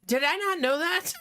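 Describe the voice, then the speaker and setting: A man streaming live, chatting casually with his viewers, animated and laughing often, with some swearing. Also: very high voice, no echo, studio quality.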